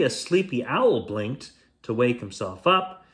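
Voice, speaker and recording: A man hosting a show, reading a children's bedtime story aloud in a playful, expressive way. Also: mid-range voice, slow.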